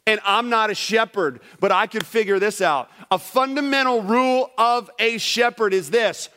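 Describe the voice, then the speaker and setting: High-voiced animated man preaching. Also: moderate pace, few pauses. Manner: animated, direct preaching with sudden drops to quiet. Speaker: pastor. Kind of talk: sermon. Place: church sanctuary before a congregation.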